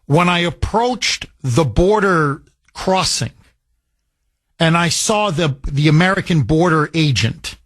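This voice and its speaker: A man's voice: on the high side, animated, takes it slowly, fairly bright tone. A middle-aged man from Canada hosting a talk radio show, delivering an emotional, heated monologue.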